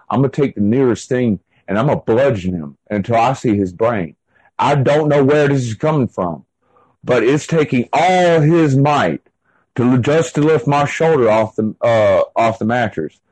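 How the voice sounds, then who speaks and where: A man's voice: medium pitch, darkish tone. A man with a mid-range voice tells a long personal story as an interview guest. He talks casually and rambles, leaning on fillers like "like" and restarting his sentences. The recording is dry, with no room echo.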